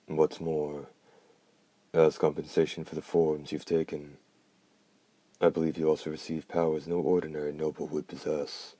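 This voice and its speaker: A man's voice: a bass voice, flat delivery, moderate pace, dark tone, dry recording. A man reading the part of an arrogant vampire duke with a contemptuous, commanding manner.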